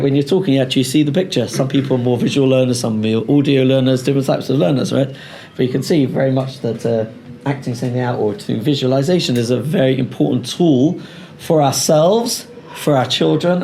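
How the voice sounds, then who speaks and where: A male rabbi who leads a seminar, talks in a lively, joking way and brings the audience in. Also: mid-range voice, a little hiss or hum. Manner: animated, joking, talking to the audience. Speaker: rabbi leading a parenting seminar. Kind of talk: lively seminar talk with role-play. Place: lecture hall.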